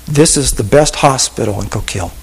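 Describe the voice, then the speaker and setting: A male pastor preaching a sermon with an altar call, telling stories in a voice that drops to hushed whispers and rises to emphatic peaks. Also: medium pitch, a little fast, gravelly, husky, big-room sound, rough recording.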